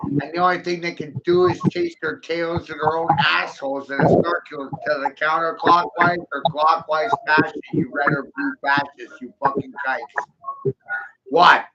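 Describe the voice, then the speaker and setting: Gravelly, high-voiced man ranting aggressively. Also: normal speed. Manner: aggressive, mocking, taunting, profane. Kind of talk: solo taunting rant to camera. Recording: muffled lo-fi audio with steady background noise.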